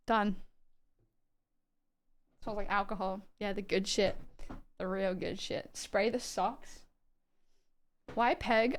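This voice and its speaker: Chatty Australian woman streaming, smooth voice. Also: a little high. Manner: chatty, rambling, swears and reacts to chat. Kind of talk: casual live-stream chat.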